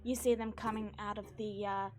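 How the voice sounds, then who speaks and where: A woman running a tabletop role-playing game, narrating the scene in a relaxed way. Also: mid-range voice, fairly quick, slight background noise. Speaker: game master.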